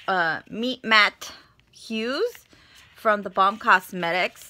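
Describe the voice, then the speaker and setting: A woman's voice: medium pitch, pushed and bright, a little hiss or hum. A young woman with a cough, casually vlogging at home on a phone, playful and teasing, dropping Spanish words into her talk. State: sick with a cough. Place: small apartment indoors.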